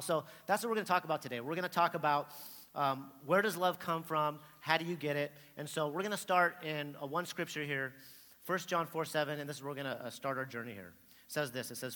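A middle-aged man preaching, telling a story in an animated way and acting out the voices in it. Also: a little high, a little fast. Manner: animated storyteller, acts out quotes loudly. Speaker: pastor. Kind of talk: storytelling sermon. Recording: long hall reverb.

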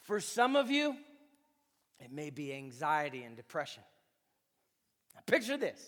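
A man's voice: on the high side, sing-song, unhurried, fairly bright tone. A man preaching a sermon as a pastor, speaking with impassioned emphasis. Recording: long reverb of a large hall.

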